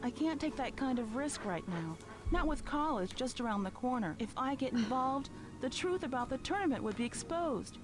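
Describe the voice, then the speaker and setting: A woman's voice: high voice, expressive, moderate pace. An actress playing an anxious young woman athlete in a mystery game, speaking hesitantly and stammering.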